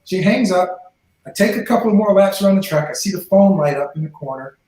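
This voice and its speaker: A man in his forties, an ex-NFL player appearing as a podcast guest, tells his story animatedly and fairly quickly, imitating the voices in the exchanges he recalls. His voice sits high with a darkish tone, and the room echoes.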